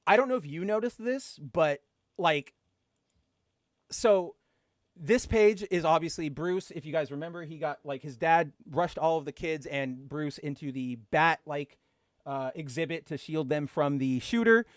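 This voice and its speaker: Excitable man gushing in casual podcast chat. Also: on the high side, unhurried, no echo, studio quality. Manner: excitable, filler-heavy, gushing. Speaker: podcast co-host. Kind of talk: casual comic book chat.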